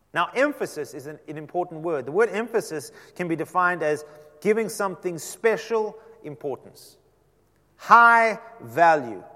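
A man preaching a sermon to a seated congregation, swinging from loud emphasis down to a soft near-whisper. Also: fairly high pitch. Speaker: pastor. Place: church sanctuary. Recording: long hall reverb.

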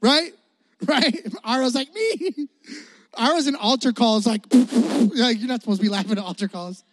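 A youth pastor preaches in a loose, joking way, asking the crowd to call back answers and laughing along. The voice sits at a middling pitch. It rings out with a long reverb through a big hall. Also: normal speed. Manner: casual, joking, talks straight to the crowd; calls for responses and laughs often. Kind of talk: energetic sermon.

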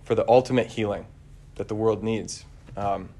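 Low-voiced man giving a conversational homily. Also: moderate pace, creaky. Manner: relaxed, searching, frequent fillers and restarts. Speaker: preacher.

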